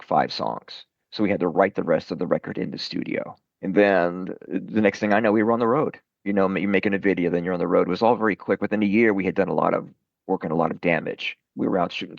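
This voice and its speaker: A man's voice: low-pitched, vocal fry, dry recording. A middle-aged man from Brooklyn, a rock singer, chatting loosely in an interview with lots of fillers and self-deprecating asides. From Brooklyn, New York. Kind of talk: casual interview chat. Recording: dull lo-fi dry sound.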